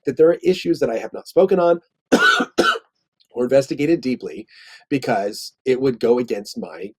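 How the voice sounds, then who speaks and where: Husky man explaining at length. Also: medium pitch, expressive, moderate pace. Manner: thoughtful, explains at length with restarts. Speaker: interview guest. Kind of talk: conversational interview.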